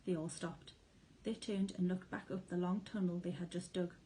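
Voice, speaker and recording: A woman teacher reads a children's storybook aloud in clear, expressive narration. Her voice is mellow and warm-toned, at a middle pitch, with a faint background hiss. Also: normal speed, poor audio. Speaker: primary school teacher.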